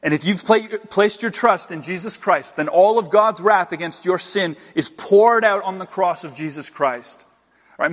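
A male pastor preaching an earnest sermon, swinging between loud exclamations and hushed, slowed emphasis. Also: high voice, expressive. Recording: long hall reverb.

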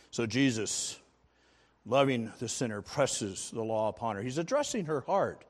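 A male pastor delivers a sermon in a medium-pitched voice, explaining a text earnestly and leaning hard on key words. His voice carries a long reverb, as if filling a large church sanctuary. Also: sing-song, measured pace. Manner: earnest expository preaching, rising to emphatic stress.

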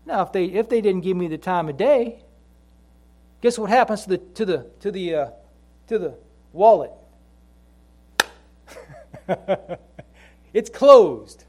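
High-voiced man preaching a sermon. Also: animated, mellow. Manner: conversational storytelling with slow emphatic scripture lines; repeats phrases for emphasis. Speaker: pastor.

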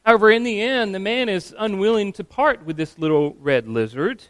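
A pastor giving a sermon, earnest and steady, sometimes acting out quoted voices. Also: male voice, high-pitched, moderate pace, no room sound.

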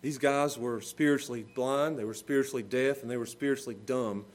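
A man's voice: medium pitch, fairly even intonation, brisk. A man preaching a sermon with emphatic delivery, rising and falling in volume, sometimes laughing at his own examples. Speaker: pastor.

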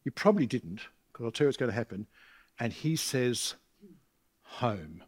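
A man's voice: mid-range voice, expressive, fairly quick. A middle-aged man from Australia preaching a sermon in a chatty way, asking his congregation rhetorical questions. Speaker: visiting preacher. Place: church congregation.

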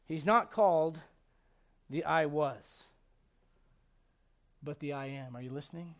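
Young male pastor, high voice, dynamic preaching with humorous asides. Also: a little slow. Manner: dynamic preaching, swinging from quiet asides to loud exhortation; humorous, acts out quoted voices. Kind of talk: sermon.

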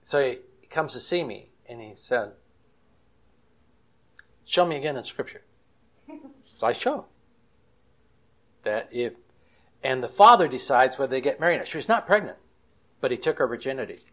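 A man's voice: mid-range voice, expressive, fairly quick, long pauses, fairly bright tone. A man speaking as a Christian counselor at a conference, telling stories in a folksy, chatty way and acting out the quotes. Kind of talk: storytelling conference talk.

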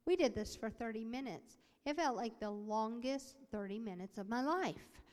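A woman voicing a sermon as interpreter, telling a story with animated acted-out voices. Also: a little high, normal speed. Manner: animated, acts out quoted voices. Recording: long hall reverb.

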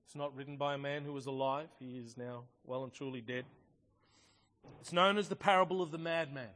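A man preaching a sermon, earnest and emphatic, reading scripture and building to forceful passages. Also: mid-range voice, steady tone, brisk. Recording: long hall reverb.

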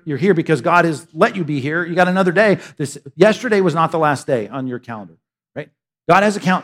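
A middle-aged male pastor, his voice pitched slightly above the typical man's, gives a sermon to a congregation in a church sanctuary. His style is lively and chatty, peppered with frequent "right?" asides, and he performs the voices of the people in his text.

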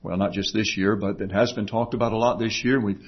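A man preaching a sermon to his congregation, emphatic, moving from quiet, low passages to raised ones. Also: steady tone, quick pace, slightly rough. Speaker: pastor. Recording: dull lo-fi sound.

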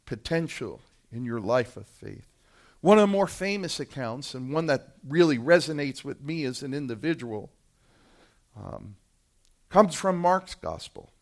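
A man preaching a sermon, speaking straight to the congregation with impassioned delivery that swells from hushed to loud. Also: medium pitch, sing-song, unhurried, gravelly. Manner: addresses the congregation directly, who answer back.

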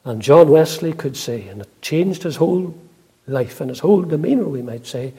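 An older man preaching a sermon in a church, earnest and unhurried, with frequent hesitant pauses. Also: fairly high pitch, lively intonation, warm tone, slightly rough. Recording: long reverb in a large hall.

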